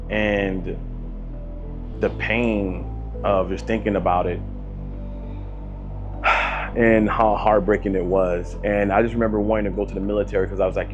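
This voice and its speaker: A man telling a personal story of loss in a soft, halting way, with many pauses and restarts. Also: on the low side. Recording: dull lo-fi audio with music behind. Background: soft instrumental music.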